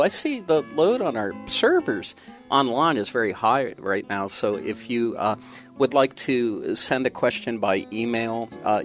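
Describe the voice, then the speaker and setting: A man hosting a radio talk show from the studio, chatty and giving out call-in details. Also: medium pitch. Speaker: radio host.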